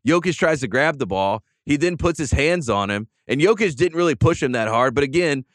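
A man's voice: mid-range voice, animated, fairly quick, no room sound. A man hosting a sports podcast, ranting in an emphatic, fired-up way in casual chat. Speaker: podcast host.

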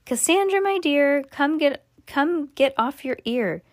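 Woman putting on a worried circus jester, high and coaxing. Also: expressive, unhurried, no echo, clean studio sound. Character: concerned male circus jester.

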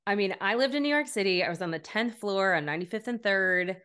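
A woman hosting a podcast, chatty and quick to affirm her guest, sometimes reading her own ad spots. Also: mid-range voice, lively intonation, fairly bright tone, clear, resonant tone. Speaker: podcast host. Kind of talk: casual interview chat.

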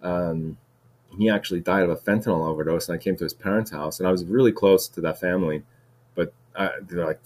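This man's voice sits low with a darkish tone, and he talks fast in a steady tone while hosting a solo podcast. His monologue is loose and rambling, stuffed with "like" and "dude," full of restarts and repeated words.

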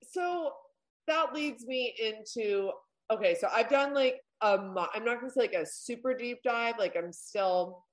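A woman's voice: a little high, unhurried, rough recording. A woman co-hosting a podcast in casual chat, rambling with many fillers and swearing. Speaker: podcast co-host.

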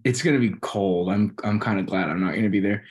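Sarcastic man with a halting delivery. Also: lowish voice, a little mellow. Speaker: podcast co-host. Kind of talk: casual sports podcast chat.

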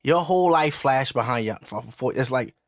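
Male podcast host, comic ranter, lively pitch, salty language. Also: normal speed. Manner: animated, profane storytelling with voiced asides. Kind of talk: casual comedic rant.

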